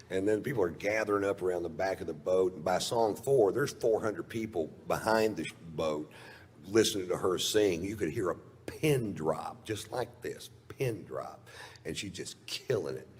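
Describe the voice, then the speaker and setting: Deep-voiced man telling a profane stand-up story. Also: moderate pace, a little mellow. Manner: profane, drawling, laid-back storytelling. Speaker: stand-up comedian. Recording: live stage recording in a reverberant hall.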